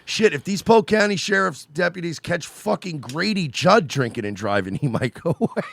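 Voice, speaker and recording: A man's voice: a little high, animated, normal speed, gravelly, fairly bright tone. A man co-hosting a casual podcast, joking and cracking wise. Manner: joking, wisecracking banter. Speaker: podcast co-host.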